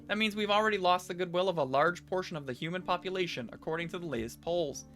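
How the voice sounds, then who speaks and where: A man's voice: sits high, fast talker, a bit bright, soft background music. A man reading game dialogue aloud as a scheming, imperious male city magistrate who lectures and presses.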